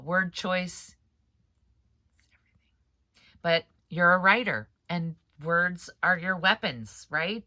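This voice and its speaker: A woman author and writing coach hosts a casual vlog of writing advice, her voice lowish, bright, and forceful with no echo. She talks in a chatty, rambling way, laughs often, and sounds stuffy from allergies.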